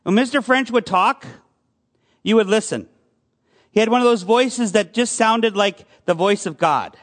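A man's voice: high-pitched, unhurried, fairly bright tone. A male pastor giving a conversational sermon, asking his congregation questions as he goes. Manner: conversational preaching with audience questions.

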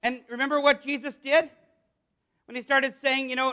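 A middle-aged man preaching a sermon as pastor, animated and asking his congregation questions. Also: extremely high pitch, normal speed.

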